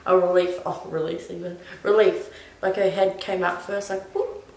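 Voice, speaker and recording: A woman's voice: on the low side, little pitch movement, moderate pace, vocal fry, darkish tone. A young woman casually telling a personal story as a vlogger, rambling with lots of "like". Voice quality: rambling, full of "like". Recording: echoey room.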